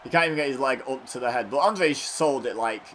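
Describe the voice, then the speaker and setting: Guy commentating a wrestling game, mid-pitch voice, jokey and self-deprecating, little bit of hiss behind. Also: fast, fairly bright tone. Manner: chatty and self-mocking, riffing between play-by-play calls. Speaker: gaming channel host.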